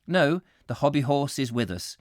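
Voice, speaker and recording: Guy reading a book on a livestream, middle pitch, dry sound, chats with viewers and laughs when he trips on words. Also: very animated, normal speed, dry recording. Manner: chatty, laughs at his own slips and stumbles over words. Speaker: host reading a book aloud. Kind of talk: live-streamed book reading with chat asides.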